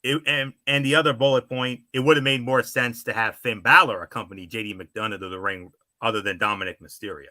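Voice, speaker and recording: Bright-voiced male wrestling recap host. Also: mid-range voice, steady tone, fairly quick, few pauses, no echo. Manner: chatty, with frequent fillers and restarts. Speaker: wrestling show co-host and analyst. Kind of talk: casual podcast recap.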